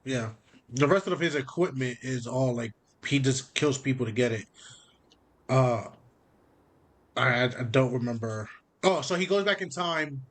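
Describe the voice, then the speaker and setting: A man co-hosting a casual chat, talking excitedly and swearing freely, laughing as he retells scenes. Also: medium pitch, measured pace, pauses often. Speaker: podcast co-host. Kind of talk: casual chat about video games.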